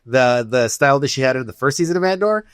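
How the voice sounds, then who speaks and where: Male co-host, mid-pitched, dry close mic, relaxed chatty musing. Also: smooth, no room sound. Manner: relaxed, chatty, with filler pauses. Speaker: podcast co-host. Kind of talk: casual chat.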